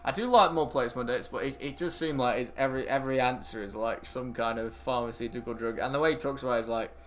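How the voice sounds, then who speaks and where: A man's voice: medium pitch, fast talker, a little hiss or hum. A young British man chatting casually on a gaming livestream, rambling between topics, answering chat and swearing loosely. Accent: British English. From Britain. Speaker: gaming streamer.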